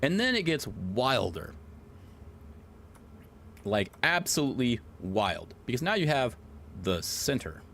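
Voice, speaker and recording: A man in the middle of a casual live stream, talking in a loose, rambling way. He is excitable and swears freely. Behind him is a faint hum of room ambience. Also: medium pitch, slow, long pauses.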